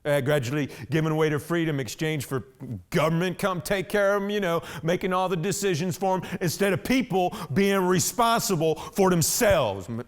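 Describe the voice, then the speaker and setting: An actor playing a rambling blue-collar husband. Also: male voice, high voice, lightly acted. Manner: rambling, says "man" constantly, many halting restarts. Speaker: stage actor in a one-man play. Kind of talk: theatrical monologue.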